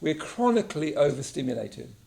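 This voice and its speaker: Sing-song and brisk, with vocal fry and a slightly mellow, slightly high voice, this man teaches mindfulness to a group. He's from England, keeps things conversational in the meditation class room, and checks in with frequent "yeah?"s.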